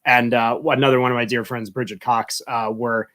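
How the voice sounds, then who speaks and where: A man's voice: mid-range voice, level tone, normal speed, fairly bright tone. Chatty man telling rambling stories. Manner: chatty, rambling anecdotes with fillers. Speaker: guest. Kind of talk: casual interview answers.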